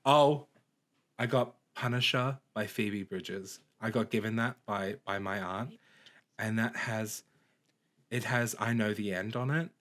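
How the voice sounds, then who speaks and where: A man's voice: lowish voice, a little slow, fairly bright tone. A young man co-hosting a podcast in casual chat, full of "um" and sometimes singing snatches of songs. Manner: chatty, lots of "um", breaks into bits of song. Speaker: podcast co-host.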